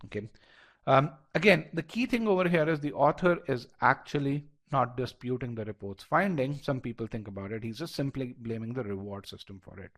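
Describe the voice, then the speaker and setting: A man's voice: mid-range voice, fairly quick. Man teaching a live online class. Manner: animated, frequent restarts and fillers; talks through reasoning step by step, polling the class. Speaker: test prep instructor.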